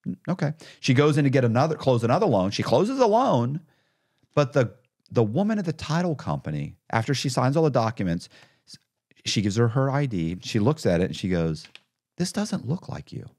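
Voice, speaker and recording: Lively-voiced man telling stories. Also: mid-range voice, fairly quick. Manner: animated, acts out others' lines in quotes. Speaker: podcast guest, former con artist. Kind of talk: casual storytelling interview.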